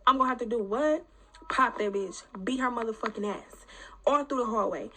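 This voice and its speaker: Casting note: high-pitched woman, casual storyteller, blunt and profane, animated delivery. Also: fairly quick. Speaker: woman telling her story.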